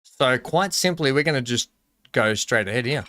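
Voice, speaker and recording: A man's voice: medium pitch, lively intonation, normal speed, sharp tone, a little hiss or hum. A young adult man with an Australian accent, chatting casually on a live game stream, rambling and joking and laughing a lot as he reads out chat.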